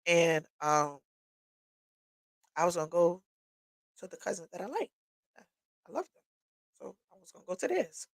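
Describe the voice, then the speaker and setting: A woman's voice: lowish voice, big pitch swings, normal speed, pauses often, fairly bright tone, no room sound, rough recording. A woman hosting a livestream, telling her own story in a candid, emotional way, tearful and sniffling as she talks. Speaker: livestream host. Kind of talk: personal testimony talk. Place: home workshop.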